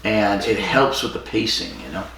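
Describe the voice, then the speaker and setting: Low-voiced man recapping in an echoey room. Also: normal speed, gravelly, fairly bright tone, distant mic, a little hiss or hum. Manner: rambling retelling with fillers and quoted dialogue. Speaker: podcast co-host. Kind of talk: casual chat.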